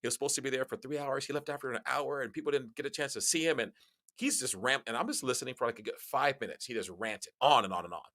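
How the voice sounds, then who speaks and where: A man guest on a podcast, telling stories in casual conversation, animated and laughing as he talks, often restarting his sentences. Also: quick pace. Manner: animated storyteller, jumps high in pitch on quoted lines; frequent restarts and laughs while talking.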